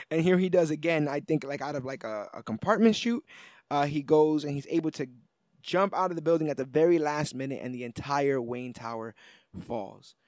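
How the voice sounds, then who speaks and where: Animated man retelling comics, dry sound. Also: on the high side, no room sound. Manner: animated retelling, acts out characters' lines. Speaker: podcast co-host. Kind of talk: casual comic book review chat.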